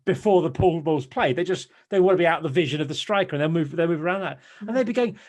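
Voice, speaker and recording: This is a man in his thirties who talks very fast and rants animatedly as he tells a story. His voice sits a little high for a man. He speaks as a guest in a casual chat.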